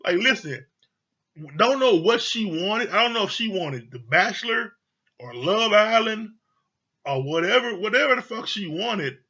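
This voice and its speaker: A man rants through a profane show review in a high, bright and slightly husky voice. He talks bluntly and mockingly, with plenty of exasperation. The audio is dull and lo-fi. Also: expressive, unhurried. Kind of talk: casual profane rant.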